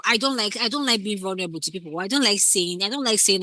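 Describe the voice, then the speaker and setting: A woman's voice: medium pitch, fast talker, pushed and bright, dry recording. A woman teaching scriptwriting in a casual lecture, acting out short example lines as she explains. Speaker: scriptwriting instructor.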